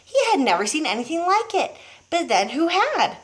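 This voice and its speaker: A teacher reading a children's book aloud to young pupils, pausing to show the pictures. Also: female voice, high voice. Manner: expressive, showing pictures as she reads.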